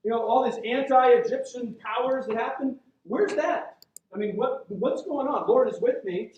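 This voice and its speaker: A man's voice: high voice, fairly quick, dark tone, highs cut off, lightly acted. A male preacher voicing a frustrated, fearful man who complains and pleads with God in exasperated outbursts. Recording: very echoey church sound from a distant mic.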